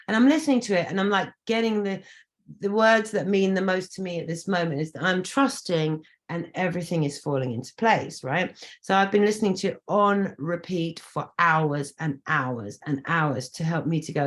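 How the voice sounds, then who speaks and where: A woman's voice: lowish voice, normal speed. A woman hosting a casual interview on a video call, talking enthusiastically in a rambling way with many restarts. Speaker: host and singer-songwriter.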